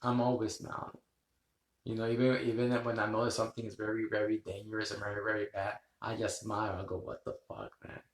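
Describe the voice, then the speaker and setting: A man's voice: lowish voice, monotone, fast, echoey room. A man hosting a rambling live stream, chatting with viewers, laughing often and swearing casually. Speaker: livestream host.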